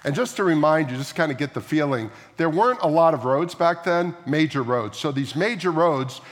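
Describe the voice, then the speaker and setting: A pastor preaches a sermon, moving through scripture conversationally with frequent asides and questions to his listeners. His voice is on the high side with lively intonation at normal speed, and a long hall reverb fills the recording.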